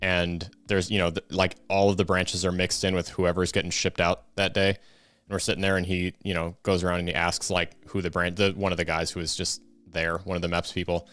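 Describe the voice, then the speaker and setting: A man's voice: deep voice, little pitch movement, brisk, fairly bright tone. A man co-hosting a casual live-stream show, telling stories with lots of fillers and restarts. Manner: rambling storyteller, many fillers and restarts. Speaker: co-host.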